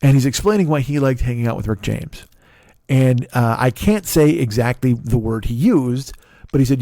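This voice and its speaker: A man's voice: mid-range voice, lively intonation, normal speed, mellow, dry recording, studio quality. A man in his fifties giving a rambling, self-deprecating comic monologue, swearing often and restarting sentences. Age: 50s. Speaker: comedian and podcast host.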